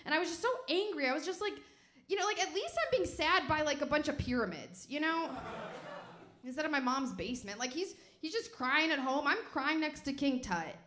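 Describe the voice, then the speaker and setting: A young woman from Chicago performing a stand-up comedy set on stage, telling animated stories and acting out the people in them. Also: high voice, brisk, echoey room. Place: stage before a live audience.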